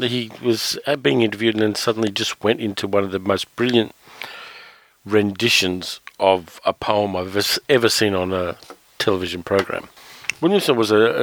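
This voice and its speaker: A man hosting a casual film commentary. He speaks thoughtfully, with fillers and pauses as he reads from his notes. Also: on the low side, a bit bright, no room sound, poor audio. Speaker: film reviewer host.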